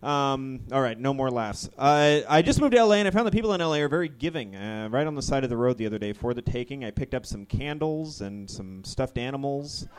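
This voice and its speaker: A man doing a live stand-up set of awkward, deadpan one-liners in a ballroom venue. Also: mid-range voice, a little fast, hardly any pauses, smooth. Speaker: stand-up comedian.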